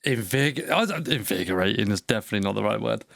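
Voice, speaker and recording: A man's voice: lowish voice, animated, fast talker, gravelly, fairly bright tone, no room sound, studio quality. A man co-hosting a gaming podcast, chatting casually in a teasing, crude, laid-back way. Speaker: podcast co-host.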